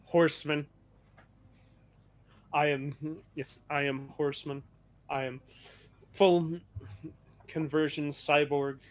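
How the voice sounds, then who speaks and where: A man voicing a retired male full-conversion cyborg soldier in a tabletop game, speaking in a canned robotic way with halting, clipped military phrasing. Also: fairly high pitch, little pitch movement. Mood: stiff.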